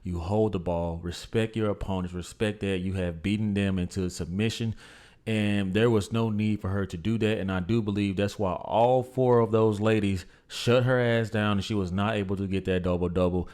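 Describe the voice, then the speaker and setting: A man with a fairly low voice hosts a reaction show. He talks emphatically and opinionatedly, and keeps calling his viewers "guys." He speaks. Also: steady tone, normal speed, a little mellow. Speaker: commentary channel host. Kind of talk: reaction commentary.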